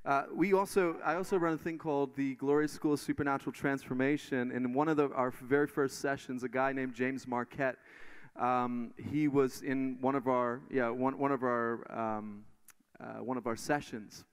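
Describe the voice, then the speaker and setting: Animated preacher, smooth voice. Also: male voice, mid-range voice, normal speed. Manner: animated storytelling with restarts. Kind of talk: sermon testimony. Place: church stage.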